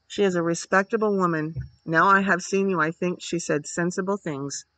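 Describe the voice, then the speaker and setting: A man voicing a gloomy, grieving gentleman guardian who speaks in a fretful, distracted way. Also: high-pitched, steady tone, moderate pace, dry recording, rough recording. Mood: weary gloomy.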